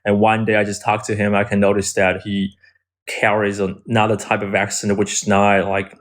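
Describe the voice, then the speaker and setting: A man from China joins a livestream on a video call, speaking English with a North American accent tinged by Chinese. His voice is fairly low, and he talks thoughtfully, with frequent pauses, fillers and restarts. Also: completely flat delivery. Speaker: livestream guest.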